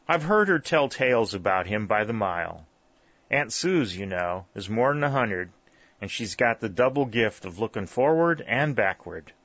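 A man's voice: on the low side, sing-song, normal speed, fairly bright tone, no echo, exaggerated voice. A man reading voicing a hearty middle-aged backwoods mountain man who talks in a folksy, jovial drawl. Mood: explaining, relieved. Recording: dull, lo-fi dry recording.

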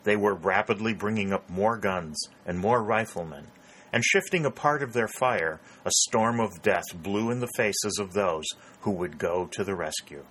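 A man narrating a novel in a steady, measured reading. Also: on the low side, husky. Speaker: audiobook narrator. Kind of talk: scripted narration.

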